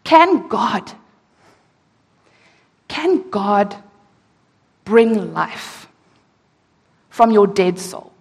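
Slow, husky woman preaching in a hall. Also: mid-range voice, very animated. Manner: slow, emphatic reading of scripture with rhetorical questions. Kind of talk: sermon. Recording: echoey hall.

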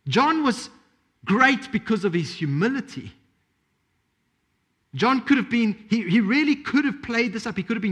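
High-voiced man preaching emphatically. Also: expressive, normal speed, pauses often, fairly bright tone, breathy edge. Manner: emphatic, repeats phrases, rhetorical questions. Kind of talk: sermon.

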